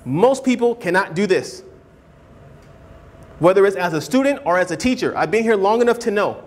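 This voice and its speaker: A man gives an animated classroom lecture for a writing class at normal speed. He keeps checking whether students follow him and acts out hedging speakers in a higher voice.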